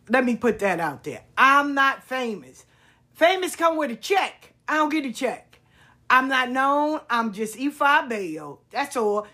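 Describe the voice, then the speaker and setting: A woman hosting a podcast, telling stories in a casual monologue, expressive and repetitive, swearing freely. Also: high voice. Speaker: podcast host.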